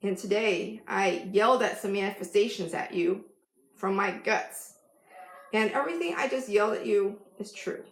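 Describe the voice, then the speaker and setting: A woman's voice: mid-range voice, moderate pace. A woman life coach giving an emphatic motivational vlog talk, laughing often. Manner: bursts into loud yelled affirmations. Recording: echoey room.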